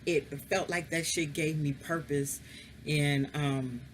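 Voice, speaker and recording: A woman's voice: deep voice, steady tone, takes it slowly, a little hiss or hum. A woman casually telling a personal story, frank and candid, swearing freely and confiding straight to the listener.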